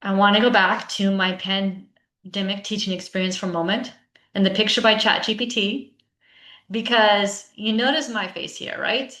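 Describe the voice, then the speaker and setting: Bright-voiced woman presenter, roomy sound. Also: medium pitch, steady tone, normal speed. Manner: conversational, often adds "right?" for agreement. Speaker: teacher coach and presenter. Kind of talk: conference talk to teachers. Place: online session with a chat. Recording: roomy echo.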